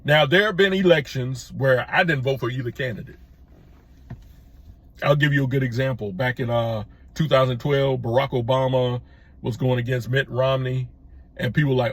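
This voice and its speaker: A middle-aged man with a husky, slightly rough voice delivers a talk-to-camera opinion piece as host of his own channel. He speaks emphatically, doubling back on his words and restarting sentences as he presses his point. His pitch sits in an ordinary male middle range. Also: steady tone, normal speed, dry recording. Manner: emphatic, repetitive, restarts with stammered false starts.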